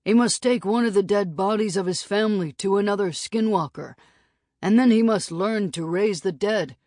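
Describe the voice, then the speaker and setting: A woman doing a solemn scout with a deep, carrying voice. He speaks slowly and gravely. The audiobook sound is dry and close. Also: darkish tone, dry recording, lightly acted.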